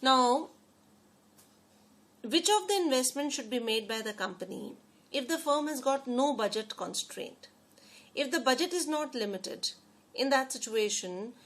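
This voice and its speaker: A woman teaching a lesson. She often repeats phrases and puts questions to her students. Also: fairly high pitch. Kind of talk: lecture explaining to students.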